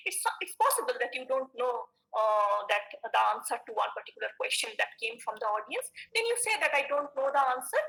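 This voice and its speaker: Lady teacher lecturing an online class, high voice, a bit gravelly, keeps saying okay. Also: sharp tone, low-quality recording. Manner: repeats "okay" often, with fillers and restarts.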